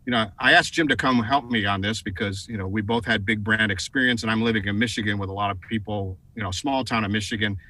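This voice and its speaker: A middle-aged man tells a story as a TV interview guest. His voice is bright and forceful. He talks in an animated way and leans on fillers and restarts. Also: on the low side, fast talker, hardly any pauses, no room sound, low-quality recording. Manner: animated, many fillers and repeated words. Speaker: guest, advertising executive.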